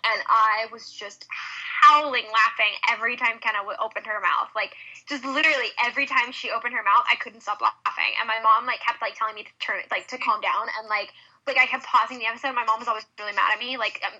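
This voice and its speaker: A woman co-hosting a podcast in casual chat, rambling and quick to laugh. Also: a little high, steady tone, pushed and bright, dull audio. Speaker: podcast co-host.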